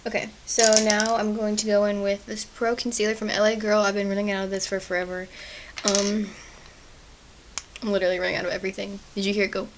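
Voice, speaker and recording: Young woman beauty vlogger, chatty and apologetic, vocal fry, mid pitch. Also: completely flat delivery, quick pace, noisy background. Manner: chatty, self-deprecating, apologetic. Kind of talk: casual makeup tutorial chat.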